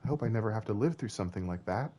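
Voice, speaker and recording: A man's voice: on the low side, lively intonation, racing, noisy background, lightly acted. A man reading the lines of a curious young boy in a video game, wondering and politely puzzled.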